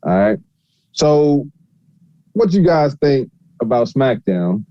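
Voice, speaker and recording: A man's voice: medium pitch, big pitch swings, slow pace, no echo. Man, podcast host, rambling casual recap, fillers, dry close sound, slightly dull audio.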